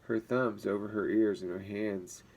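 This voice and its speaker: Teacher reading a chapter book to kids: male, low, warm tone, expressive. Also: unhurried, poor audio. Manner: expressive, voices the characters.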